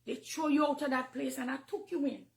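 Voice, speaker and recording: A woman with a Jamaican accent, a minister speaking emotionally to her followers, swinging between hushed confiding and loud, heated outbursts. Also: high-pitched, a little fast, gravelly, reverberant. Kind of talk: emotional personal address to followers.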